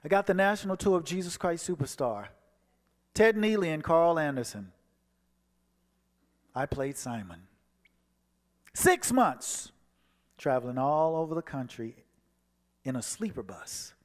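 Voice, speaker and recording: A man giving a personal testimony as a guest speaker, telling his story and acting out the dialogue, moving from hushed passages to soaring ones. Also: on the high side, big pitch swings, measured pace, long pauses. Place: church sanctuary. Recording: long hall reverb.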